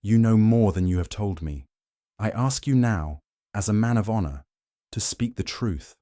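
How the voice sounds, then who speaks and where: Here is a man playing a shrewd, stern older detective in an audiobook. He presses hard with pointed, commanding questions in a deep voice, set a little higher than his narration, in a dry, close sound. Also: normal speed, dark tone, no echo, lightly acted. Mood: pressing.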